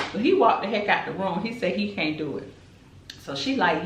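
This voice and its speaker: A woman tells a story in animated, chatty fashion between bites of food. Her voice sits at an ordinary middle pitch. It carries a roomy echo. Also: normal speed, slight background noise. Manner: animated, chatty, dramatic retelling. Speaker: mukbang host. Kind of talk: casual storytelling while eating.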